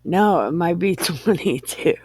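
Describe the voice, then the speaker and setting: A woman's voice: on the low side, animated, measured pace, a little mellow, husky. A woman reading the Bible aloud in an irreverent comedic way, giggling and stumbling over words. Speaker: Bible reader.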